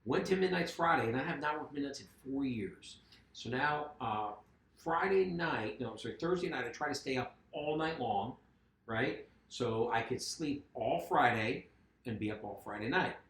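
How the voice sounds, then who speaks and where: A man hosting a casual podcast, talking in an animated way with quick asides and laughs. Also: medium pitch, creaky. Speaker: podcast host. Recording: roomy echoey room.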